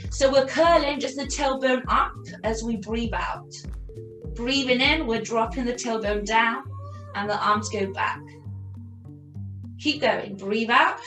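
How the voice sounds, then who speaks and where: A woman leading a yogilates class, calmly cueing breathing and counting repetitions. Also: on the high side. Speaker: yoga and pilates instructor. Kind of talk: guided exercise class instruction. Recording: echoey room with soft music.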